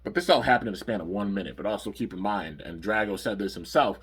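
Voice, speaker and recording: A man's voice: lowish voice, quick pace, fairly bright tone, breathy edge. A man casually recapping cartoon episodes in a rambling review. He uses lots of fillers and stops to correct himself.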